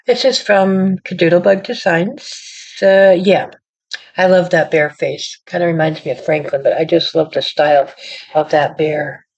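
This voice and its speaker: A woman's voice: fairly low pitch, darkish tone. A woman hosting her own card-making channel, chatting casually as she shows her work, rambling and apologizing and playing down her own skill. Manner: rambling, self-deprecating, apologetic. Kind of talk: casual show-and-tell chat. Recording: dull lo-fi audio.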